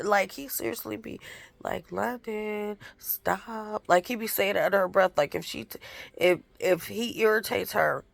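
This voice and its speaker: At home, a woman talks casually into her phone camera, rambling through stories about the toddlers she looks after as their aunt, with many restarts. Her voice is mid-range and gravelly with a fairly bright tone, and the recording is dry.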